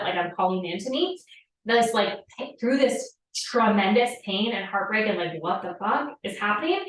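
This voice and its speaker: A woman in her thirties giving a loose, profane spiritual coaching talk, leaning on "like" constantly. Her voice sits at a middle pitch and sounds set back from the mic. A strongly echoing room surrounds her. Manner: casual, profane, filler-heavy with frequent "like". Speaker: podcast host and manifestation coach. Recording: echoey room, distant from the mic.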